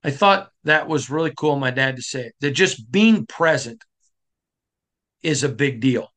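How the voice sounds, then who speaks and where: A middle-aged man from Michigan hosting a sports podcast, giving a passionate, emphatic monologue that climbs to shouting. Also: medium pitch, animated, a little slow. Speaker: podcast host.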